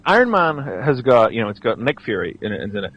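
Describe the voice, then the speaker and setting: A man hosting a podcast, chatting casually and telling a scene with lively restarts. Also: mid-range voice, a little fast, slightly rough, dull audio. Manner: animated storyteller, stammers and restarts. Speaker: podcast host. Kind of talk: casual chat.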